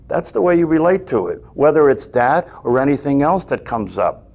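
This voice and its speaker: A man's voice: on the high side, very animated, moderate pace, vocal fry, darkish tone. A man teaching a meditation class, talking earnestly, often checking in with "right?" and restarting his phrases.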